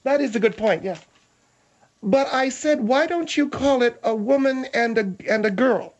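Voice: medium pitch, normal speed. A person on a comedy talk radio show, knowing and exasperated. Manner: knowing, name-dropping, exasperated.

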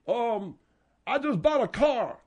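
A man playing a hesitant male caller to a radio advice show, halting and full of uhs. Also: very high voice, sing-song, a little mellow, dull audio, exaggerated voice.

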